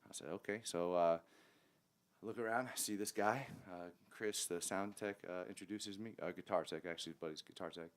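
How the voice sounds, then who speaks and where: A man with a low, smooth, resonant voice spins a long casual story as a guest on a podcast. He is from Long Beach, California, and acts out everyone he quotes. He talks with easy, animated storytelling energy. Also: a little fast.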